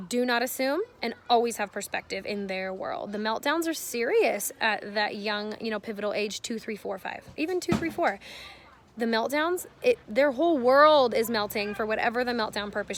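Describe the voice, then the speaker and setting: A woman's voice: on the high side, moderate pace, slight background noise. A woman in her thirties giving earnest parenting advice to camera, explaining at length in a casual way. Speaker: parenting vlogger.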